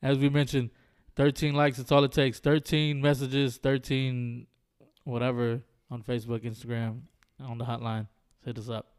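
A man's voice: medium pitch, little pitch movement, normal speed, smooth. A man co-hosting a podcast in casual chat, joking and teasing with frequent laughs. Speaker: podcast co-host.

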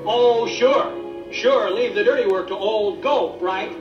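Whiny, put-upon purser. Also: male voice, high voice, slow. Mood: complaining. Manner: whiny and complaining. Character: fretful male ship's purser, always put upon. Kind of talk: 1970s television sitcom acting. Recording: echoey, distant, dull TV audio with music.

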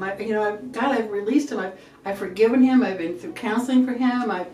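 A middle-aged woman giving an earnest, halting church testimony, often repeating herself. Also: mid-range voice, a little mellow. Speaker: testifying believer. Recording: echoey room from a distance, faint music.

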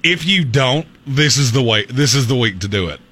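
A man's voice: mid-range voice, normal speed. A man hosting a casual sports talk show, joking and laughing as he talks. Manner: jokey, animated, laughs often. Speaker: sports radio host.

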